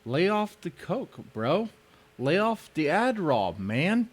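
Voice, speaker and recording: A man commenting on a live stream in a sarcastic, mocking way. His pitch rises and falls a lot. He keeps the talk casual and teasing. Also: takes it slowly. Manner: sarcastic, mock voices, lively swings in tone. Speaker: stream host reacting to a debate.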